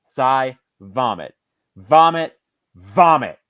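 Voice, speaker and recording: A man's voice: medium pitch, big pitch swings, extremely slow, fairly bright tone, clear, resonant tone, no echo, full character voice. A man voicing a whiny, exasperated male football fan reading out a rant.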